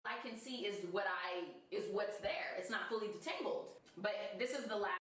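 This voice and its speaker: A woman's voice: medium pitch, moderate pace, a bit bright. A woman narrating a clip from her own video, explaining things plainly. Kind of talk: vlog narration. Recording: roomy, far from the mic.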